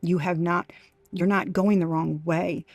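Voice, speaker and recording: A woman with a somewhat low voice giving an intuitive tarot reading. She talks emphatically and in bursts, stopping and restarting her sentences. The recording is dry and close, with no room echo. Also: fairly even intonation. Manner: emphatic, halting, full of restarts and exclamations. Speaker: tarot reader.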